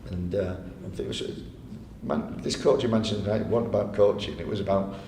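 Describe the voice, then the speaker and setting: Deep creaky man telling stage stories. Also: steady tone, a little fast, dark tone. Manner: chatty anecdotes, acts out quoted players; laughs often while telling stories. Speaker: guest speaker. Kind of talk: live on-stage storytelling. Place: arts venue hall, live audience. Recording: echoey hall with faint rumble.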